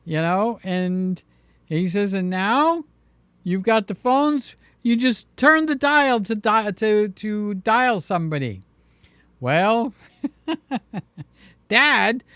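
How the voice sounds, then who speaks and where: A man's voice: high voice, animated, measured pace, fairly bright tone, clean tone, no echo. A man hosting a casual live stream, chatty and jokey, acting out voices as he tells stories. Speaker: livestream host.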